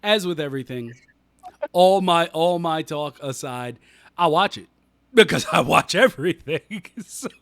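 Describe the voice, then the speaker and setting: Male podcast co-host, slightly high voice, dry close sound, emphatic, repeats himself. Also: lively intonation, measured pace, creaky, fairly bright tone, no echo. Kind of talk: casual chat.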